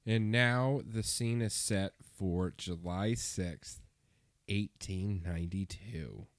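Slow, deep-voiced laid-back man. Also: dry recording. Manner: laid-back, chuckling, searching for words. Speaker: podcast co-host. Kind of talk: casual chat.

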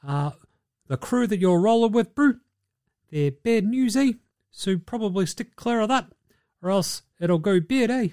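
A man putting on a soft-spoken New Zealand man who gives friendly advice and ends lines with "eh". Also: high-pitched, lively intonation, a little slow, smooth, no room sound, clean studio sound, voice pushed up. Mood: fatherly advice. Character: laid-back New Zealand rugby-type giant man.

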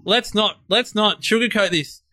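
Male podcast co-host, high bright voice, hyped, jokey. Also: normal speed. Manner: enthusiastic, playful hyperbole. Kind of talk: casual podcast chat.

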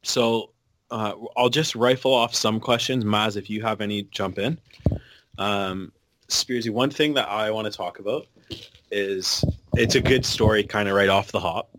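A man's voice: fairly low pitch, measured pace, noisy background. A young man co-hosting a podcast in casual chat, brash and full of swearing.

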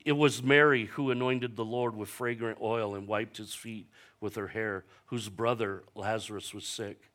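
A pastor preaches a sermon, telling stories animatedly and acting out quoted voices with big jumps in pitch and loudness. He slows down for emphatic lines, repeating them.

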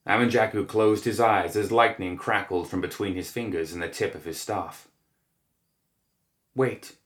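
Deep-voiced man narrating a dark tale. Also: fairly even intonation, normal speed. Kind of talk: dramatic story narration. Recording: echoey room.

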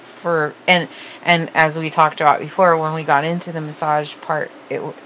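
A woman's voice: sits low, little pitch movement, moderate pace, fairly bright tone, a little hiss or hum, low-quality recording. A woman in casual, frank conversation, chatting openly, laughing often and trailing off mid-sentence. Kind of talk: casual candid chat.

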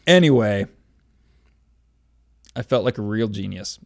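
A man's voice: on the low side, expressive, unhurried, creaky. Young male co-host, casual rambling storyteller, self-deprecating. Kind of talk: casual chat.

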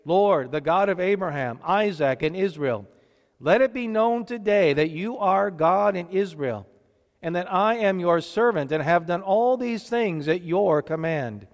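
A man's voice: high voice, expressive, unhurried, in a large hall. A man reading the words of a stern, bold older male prophet aloud, lifting his emphasis on each quote. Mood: pleading.

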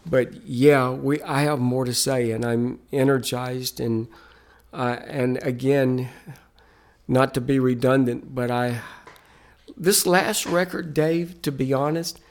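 Gravelly earnest man telling stories. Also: medium pitch, steady tone, slow pace. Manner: earnest, emphatic preaching cadence. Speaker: Christian musician guest. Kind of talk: storytelling in a podcast interview.

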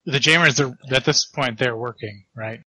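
A man's voice: mid-range voice, normal speed, sharp tone, breathy edge, low-quality recording. A man playing a tabletop role-playing game, describing his character's moves step by step. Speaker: player.

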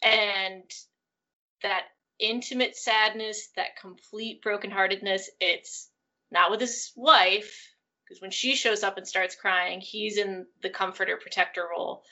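A woman co-hosting a casual podcast, talking through a film in thoughtful, animated analysis. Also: mid-range voice, a little slow. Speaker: podcast co-host. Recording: dull lo-fi audio.

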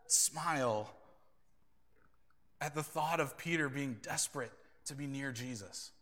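A man preaching a sermon as pastor, earnest and animated, acting out quoted lines and laughing now and then. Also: high-pitched.

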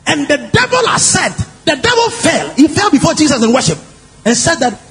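High-voiced, lively male preacher. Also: moderate pace. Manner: animated and emphatic, asks the congregation questions. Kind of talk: sermon. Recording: long hall reverb, faint music.

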